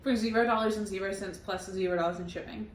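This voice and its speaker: A woman's voice: mid-range voice, steady tone, fast. A young woman co-hosting a podcast, chatting in an upbeat, playful way. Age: young adult. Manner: upbeat, playful, chimes in often. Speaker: podcast co-host. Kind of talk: casual chat. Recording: echoey room with faint noise.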